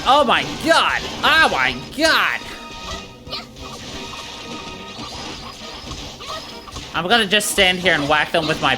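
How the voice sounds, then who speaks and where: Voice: medium pitch, bright, forceful tone. A gaming streamer making playful, jokey casual commentary while playing.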